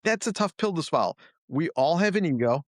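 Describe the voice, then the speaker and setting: A somewhat high-voiced man speaking a little fast discusses coaching jiu-jitsu and running his gym in a casual interview. The recording is clean studio sound without echo, and his manner is blunt, self-critical, and animated, acting out others loudly.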